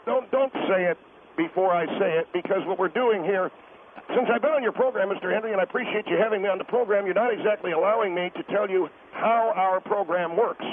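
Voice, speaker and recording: A man's voice: sits high, brisk, slight background noise, voice pushed up, close to an everyday voice. A man voicing a pompous middle-aged taxpayer advocate who calls in to a radio show, lecturing and refusing to be interrupted. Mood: insistent. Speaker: caller guest. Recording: tinny phone line.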